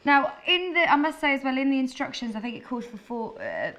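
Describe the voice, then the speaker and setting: A woman's voice: high-pitched, sing-song, fairly quick, a bit bright, a little hiss or hum. A woman presenting a sewing show in a casual way. She chats enthusiastically and keeps asking her guest questions. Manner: chatty, enthusiastic, asks many questions. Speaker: TV shopping presenter.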